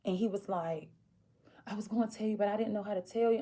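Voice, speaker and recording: A woman vlogger tells a personal story in a casual way, acting out the people she quotes. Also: fast talker. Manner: animated, acts out quoted voices with big pitch jumps.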